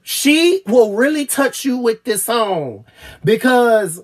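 A woman gushing over an album in a casual review vlog, swearing freely and stammering with repeated fillers, at times choking up and trailing off quietly. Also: on the high side, very animated, slow, breathy edge. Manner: gets choked up and trails off quietly. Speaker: music reviewer.

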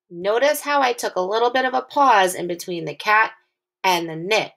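A woman teaching a phonics lesson to young children, patient and encouraging, stretching her sounds out slowly and clearly. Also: mid-range voice, fairly bright tone.

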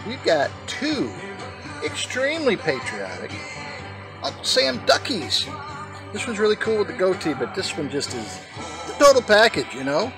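Gravelly, animated man telling corny jokes. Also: high-pitched, moderate pace. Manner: corny, jokey pun-telling delivery. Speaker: host. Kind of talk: comedic vlog monologue. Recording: background music under voice.

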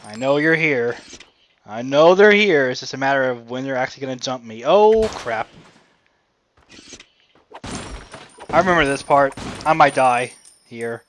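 A man's voice: mid-range voice, normal speed, a bit bright, slight background noise. Rambling man narrating his gameplay. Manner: rambling, chatty self-talk with frequent asides to the game. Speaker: let's play commentator. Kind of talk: casual gameplay commentary. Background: game music.

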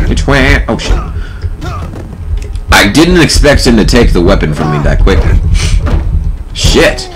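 Profane low-voiced gameplay commentator man. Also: big pitch swings, low-quality recording. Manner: profane, sarcastic, quick swings to loud outbursts. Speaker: let's play commentator.

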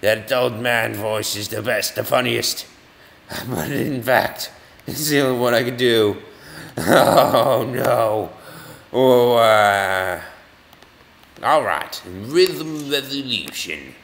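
A man's voice: medium pitch, slow pace, gravelly, pauses often, fairly bright tone. A man rambling and joking at himself while commentating on brain-training games. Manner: rambling, self-mocking, lots of restarts. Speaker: gaming video host. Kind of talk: goofy gameplay commentary. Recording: long reverb, faint music.

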